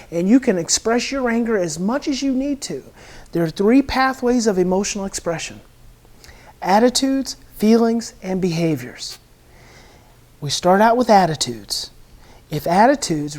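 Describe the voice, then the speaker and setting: Earnest lady parenting expert, mid-pitch voice, keeps restarting words, acts out kids being mad. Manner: animated, acts out a child's angry outbursts and a parent's soothing words. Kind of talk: explanatory interview talk.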